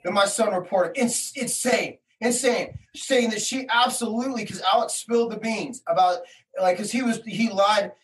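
A man's voice: sits high, normal speed. Heated, slangy man, off-mic. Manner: slangy, rambling, heated retelling with many quoted exchanges. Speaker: interview guest. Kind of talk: telling a personal story in casual talk. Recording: voice somewhat distant from the mic.

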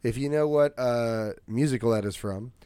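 A young man co-hosting a casual podcast, his voice hoarse and still recovering, rambling and joking as he talks. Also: medium pitch, moderate pace, mellow, dry recording. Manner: jokey, rambling, self-interrupting. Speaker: podcast co-host.

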